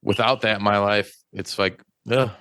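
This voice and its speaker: A man hosting a podcast in casual chat, swearing freely and rambling in a high-strung way. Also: steady tone, moderate pace, fairly bright tone, clear, resonant tone, dry recording. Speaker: podcast host.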